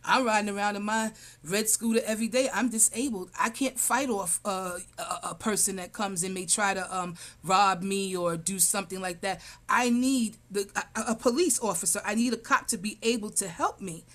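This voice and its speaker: A woman's voice: medium pitch, moderate pace. Rambling woman candidate on a video call. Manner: rambling, many fillers and restarts. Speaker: city council candidate. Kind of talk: candidate interview answers.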